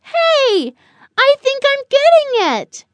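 A woman voicing a timid little boy bird chick in a children's storybook, high, squealing and excitable. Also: slow pace, slight background noise, heavily acted. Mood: excited.

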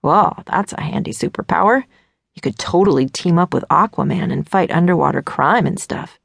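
Lady doing a cocky teen guy, lowish gravelly voice, laid-back and teasing, dry close sound. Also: moderate pace, no echo, heavily acted. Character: cocky teenage boy, playful and easygoing.

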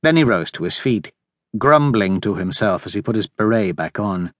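A man narrating an audiobook in measured, steady storytelling in a recording studio. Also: on the low side, no echo. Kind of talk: scripted narration. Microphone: close studio mic.

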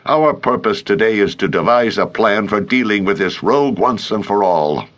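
A man voicing a commanding male high priest in an audiobook, authoritative and measured. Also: animated, a bit bright, lo-fi sound.

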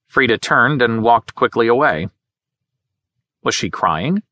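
A man narrating an audiobook in a measured studio reading, gently voicing each character. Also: mid-range voice, expressive, no room sound. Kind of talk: scripted narration.

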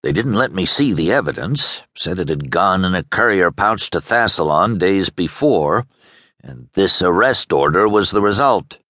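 A man voicing a stubborn, principled soldier in an audiobook, calm and firm. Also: sits low, moderate pace, no echo, studio quality. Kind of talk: audiobook character voice.

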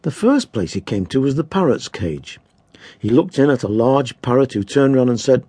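Male narrator for children's story, expressive, husky, dry close recording. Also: medium pitch, normal speed, no room sound. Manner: gently amused, expressive. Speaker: audiobook narrator.

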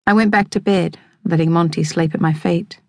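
A woman narrating a novel in the first person, measured and evocative. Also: lowish voice, fairly even intonation, no echo. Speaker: audiobook narrator. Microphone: close studio microphone. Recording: dry close studio sound.

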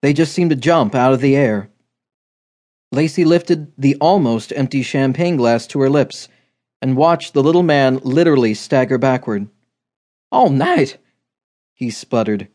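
A man's voice: medium pitch, normal speed, a little mellow. Man narrating a romance audiobook. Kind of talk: scripted narration.

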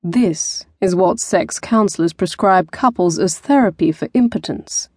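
A charming, teasing young man with a famous reputation as a womanizer murmurs his lines slowly and gently, as a woman narrator voices him. The recording is dry and close. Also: husky, dry recording. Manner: murmuring, slow and low-key. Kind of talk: audiobook character voice.

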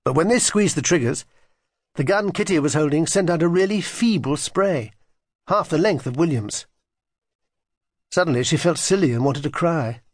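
A man narrating a children's audiobook in an expressive, animated storytelling manner. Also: a little high, moderate pace, long pauses, dry recording, studio quality.

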